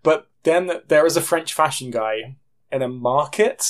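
A man's voice: on the high side, unhurried. Rambling man recapping a film. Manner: rambling, self-correcting, laughs at himself. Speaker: podcast co-host. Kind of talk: casual film review chat.

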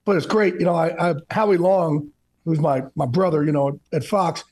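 A man's voice: a little high, moderate pace. A man in his fifties from New Jersey, a radio guest talking candidly over a video call, restarting words as he goes. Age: 50s. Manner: candid, energetic, repeats words when starting a thought. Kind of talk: casual interview chat.

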